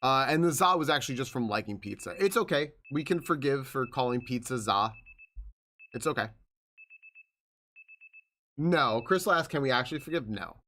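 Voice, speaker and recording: A man's voice: medium pitch, animated, moderate pace, long pauses, bright, forceful tone, a little hiss or hum. A man streaming a video game, chatting casually, laughing often and reading the game's lines aloud. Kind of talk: casual gameplay commentary. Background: game music.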